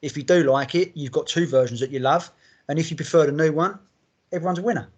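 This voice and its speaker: A man's voice: a little high, fast. A man hosting a music podcast, rambling enthusiastically and swearing freely as he talks. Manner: rambling, heavy swearing, enthusiastic fan talk. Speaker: podcast host. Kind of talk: casual chat.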